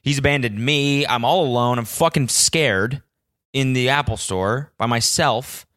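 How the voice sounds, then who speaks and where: A man talks alone into a close mic for his podcast, and the sound is dry and free of room echo. His voice sits at an ordinary middle pitch. He tells his story as an exasperated, swearing rant. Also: unhurried, a bit bright. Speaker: podcast host. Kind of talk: solo podcast monologue.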